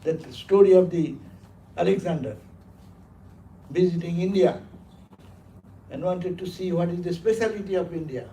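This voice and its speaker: A man's voice: high-pitched, normal speed, long pauses, warm tone. A man giving a sermon as a monk, speaking emphatically, repeating words for stress and laughing as he tells stories. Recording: roomy hall, distant mic, faint noise.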